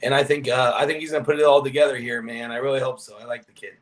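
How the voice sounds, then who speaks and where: A man's voice: medium pitch, steady tone, racing, crowd noise. A man weighing in as a guest on a casual panel, rambling with lots of "you know" and "like". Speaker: guest analyst.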